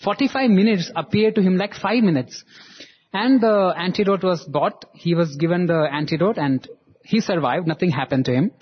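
A man telling a devotional story in an animated way, voicing the people in it. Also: sits high, moderate pace, dull audio, a little hiss or hum.

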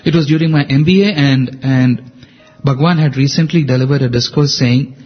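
A man, telling an animated, personal story in conversation. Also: mid-range voice, normal speed, highs cut off, faint music behind. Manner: animated, repeats himself. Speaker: guest speaker.

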